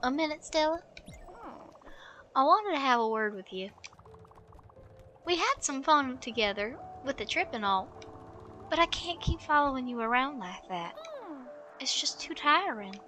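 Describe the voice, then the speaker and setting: A woman voicing a gentle, tired elderly woman in a video game, speaking softly and slowly with trailing phrases. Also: high-pitched, animated, slight background noise, heavily acted. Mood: weary. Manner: soft, slow and weary, with trailing phrases.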